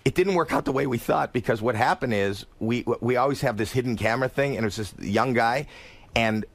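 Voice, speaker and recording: A man chatting as a guest on a radio show, telling animated stories and acting out the people in them. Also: medium pitch, fairly quick, gravelly, no echo. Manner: animated storyteller, acts out voices. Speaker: celebrity guest. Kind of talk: casual radio interview chat.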